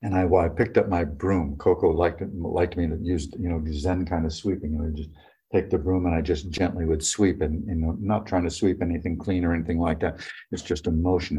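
A man's voice: low-pitched, mellow. An older retired man telling long personal stories in a rambling, casual way, full of fillers. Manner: rambling, many "you know" fillers. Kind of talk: casual reflective storytelling.

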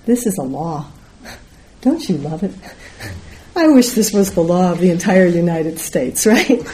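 A woman's voice: on the low side, animated, measured pace, warm tone, low-quality recording. A middle-aged woman giving a Zen dharma talk, telling a story and acting out the voices of the people in it. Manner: storytelling, acts out quoted voices. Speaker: Zen teacher.

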